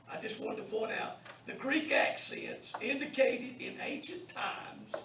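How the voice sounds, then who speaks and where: Male instructor, slow and gravelly, deliberate classroom delivery, picked up from across an echoey room. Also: extremely high pitch, sharp tone. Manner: slow, deliberate, pronounces words for students to repeat. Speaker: Bible college Greek teacher. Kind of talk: classroom lecture. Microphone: distant room mic. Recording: echoey classroom from far off, faint hiss.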